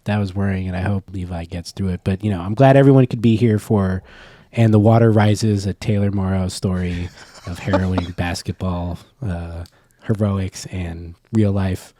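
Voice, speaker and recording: A man's voice: sits low, steady tone, a little slow, dark tone, no room sound, studio quality. A young man, co-host of a podcast, chatting casually and joking with frequent laughs. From California. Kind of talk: casual chat.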